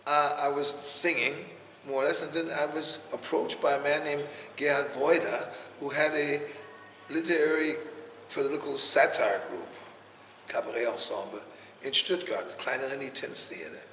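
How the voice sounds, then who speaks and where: A man's voice: fairly high pitch, steady tone, moderate pace, bright, forceful tone. An older man from the United States, telling stories animatedly in an interview with many restarts. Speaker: interviewee, entertainer. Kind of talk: conversational interview. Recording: echoey room with faint noise.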